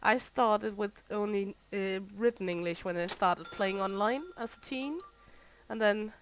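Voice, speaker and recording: Streaming a game, a woman from Southern Jutland, Denmark, chats casually in a mid-range voice at a measured pace. She rambles and laughs often, and the recording quality is low.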